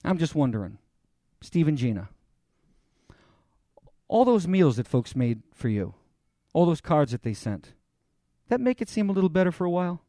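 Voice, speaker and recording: A man preaches a sermon in an earnest, conversational way and talks straight to his congregation. His voice sits a little high for a man. The recording is dry and close, with no echo. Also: big pitch swings, moderate pace, pauses often, mellow. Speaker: pastor.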